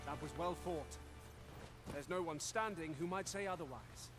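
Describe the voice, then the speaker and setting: Man voicing game companion, male warrior, formal measured speech, slightly high voice, game music behind. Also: close to an everyday voice.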